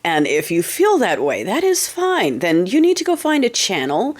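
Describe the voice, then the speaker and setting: A woman's voice: medium pitch, wildly swooping pitch, normal speed. A woman from the United States hosting her own political commentary vlog, casual and sarcastic, swearing freely and often checking in with "okay?".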